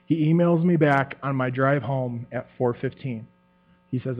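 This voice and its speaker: A man's voice: medium pitch, measured pace. A man giving a testimony to a church group, telling his story with animation, acting out quotes and laughing often. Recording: tinny phone-like sound with mains hum.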